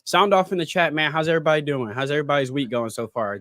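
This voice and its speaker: A man's voice: medium pitch, fast, fairly bright tone, no room sound, studio quality. A man hosting a casual livestream podcast from home, talking loosely in slang and reading chat comments aloud. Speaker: podcast host.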